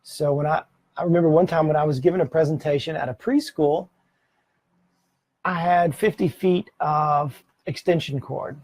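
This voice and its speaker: Speaking to a camera mic in a dry recording, a middle-aged man gives practical presentation tips in a casual, conversational style. His voice is a little high and a little mellow, at a moderate pace, and he often corrects himself mid-sentence, laughing now and then.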